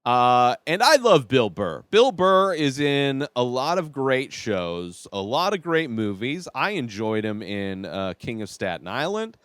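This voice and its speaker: A man's voice: mid-range voice, sing-song, a little slow, few pauses, a bit bright, clear, resonant tone, dry recording. A man hosting a podcast, chatting casually and giving his opinions as he reviews a TV series. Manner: chatty and opinionated, thinking aloud.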